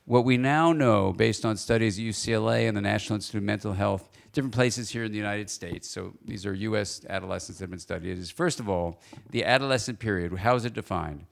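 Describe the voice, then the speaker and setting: A man speaking as a guest lecturer at a church forum, lively and playful, often asking the audience questions. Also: on the low side, fast talker, creaky.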